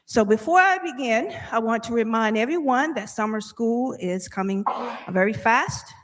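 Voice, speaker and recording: A woman's voice: a little high, animated, normal speed, noisy background. A woman school district administrator giving an orderly, formal presentation to a school board. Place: large boardroom. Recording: boardroom with long reverb.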